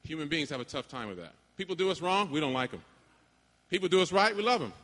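A man preaching a sermon to graduates, emphatic, with dramatic pauses and call-and-response. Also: a little high, very animated, fairly bright tone. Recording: long hall reverb.

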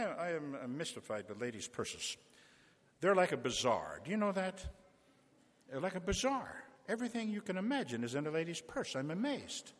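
In a church sanctuary full of long reverb, a visiting male preacher with a somewhat high, slightly bright voice raises funds through a folksy appeal built on little stories and straightforward requests.

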